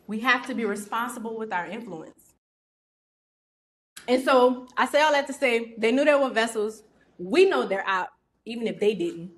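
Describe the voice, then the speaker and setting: A woman's voice: a little high, lively intonation, moderate pace, long pauses. A woman leading a faith-based business teaching, asking her listeners pointed questions and using football comparisons. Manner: preacherly, uses football analogies, asks the audience direct questions. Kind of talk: teaching with slides.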